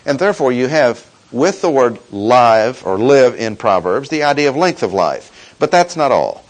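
A man preaching an expository sermon, teaching in a measured, emphatic way and slowing down to stress key words. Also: mid-range voice, very animated, poor audio.

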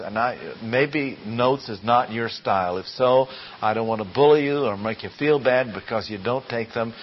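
A man teaching Greek grammar from the Bible in a classroom lecture, deliberate and full of rhetorical questions. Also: mid-range voice, a little hiss or hum. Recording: dull lo-fi classroom recording.

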